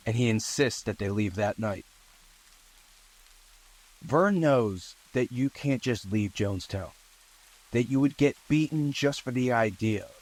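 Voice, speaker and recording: A man narrating a true-crime story in a relaxed, conversational way, with asides and fillers. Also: on the low side, poor audio.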